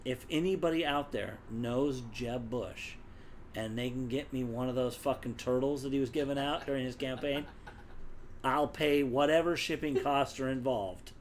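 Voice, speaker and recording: Man, player, joking, rambling, mid pitch, casual table talk. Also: steady tone, normal speed, a little hiss or hum. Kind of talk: casual banter at a game table.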